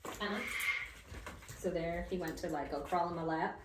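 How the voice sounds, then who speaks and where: A woman dog trainer explaining a session while coaching the dog with quick commands and bright praise. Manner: talks to the dog between explanations, high praise bursts. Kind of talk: casual training commentary. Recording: echoey room from far off, faint noise.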